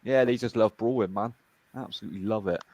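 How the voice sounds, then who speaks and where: Quick guy swearing thru a pub story, close dry mic. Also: fairly low pitch, a little mellow, no echo. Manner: swears freely, rambling anecdotes. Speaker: chat participant. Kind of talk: casual chat.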